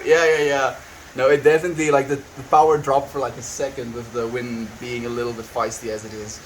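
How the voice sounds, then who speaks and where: On a poor-quality recording with a little hiss or hum, a young man with a voice on the high side chats casually on a livestream from his farm home. He rambles, vents, reads chat, laughs a lot and keeps restarting sentences.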